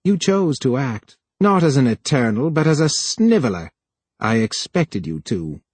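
Man voicing a plump scheming official, fussy, raised pitch, husky, dry. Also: very animated, a little slow, darkish tone, no echo. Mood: scornful. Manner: higher, fussy, pleading voice. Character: plump scheming male computer official, cowardly.

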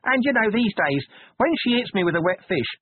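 A man's voice: sits high, big pitch swings, a little fast, husky, no echo, pitched above the performer's own voice, full character voice. A man voicing a scruffy male city watchman who talks in a whiny, rambling way. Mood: gloomy. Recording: tinny phone-like band.

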